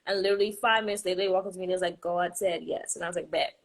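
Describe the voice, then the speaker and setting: Fast, sassy woman. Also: lowish voice, fairly even intonation, poor audio. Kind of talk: casual faith chat.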